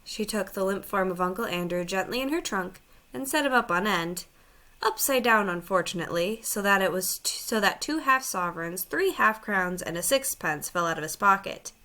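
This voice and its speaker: A woman narrates a children's storybook aloud in a bright, clear voice. Her pitch moves lively up and down as she reads, lifting into higher, livelier tones whenever the animal characters speak. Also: moderate pace. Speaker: audiobook reader.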